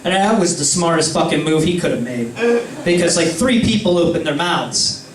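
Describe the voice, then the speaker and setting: Among friends in an indoor room, a young man with a slightly high voice and lively intonation tells a meandering, profanity-laced anecdote at normal speed. A distant mic gives a roomy sound with faint ambience and slight background noise.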